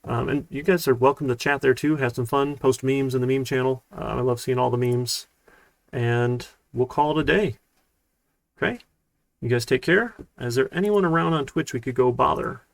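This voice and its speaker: A man teaches a programming class over a live stream, chatting loosely with plenty of fillers. His voice sits at a middle pitch with a gravelly texture. The sound is close and dry, from a desk microphone in a small room. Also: moderate pace, no echo. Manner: relaxed, rambling, lots of fillers. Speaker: college programming instructor. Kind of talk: casual live-streamed lecture.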